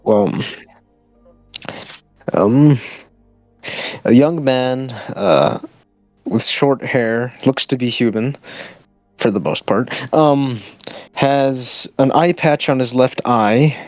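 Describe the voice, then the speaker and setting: A man playing in a tabletop game, describing his character hesitantly, with pauses and fillers. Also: mid-range voice, no room sound, muffled recording, faint music behind. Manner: hesitant, slow, halting. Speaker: player.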